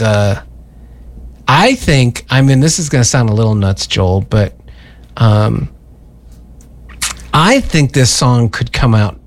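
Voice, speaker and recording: Male community radio host, animated, rambling on-air chat, very lively pitch. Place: radio studio.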